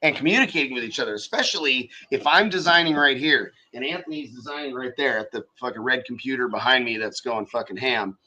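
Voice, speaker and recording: A man hosting a casual live-stream tutorial, talking through design software as he works, swearing freely and thinking out loud. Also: mid-range voice, quick pace, few pauses, low-quality recording. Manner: profane, thinks aloud while working. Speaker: show host teaching design software.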